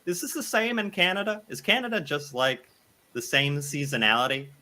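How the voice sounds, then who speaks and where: A man's voice: fairly high pitch, sing-song, moderate pace, bright, forceful tone. A young man from the United States hosting a casual reaction video, thinking aloud and laughing often.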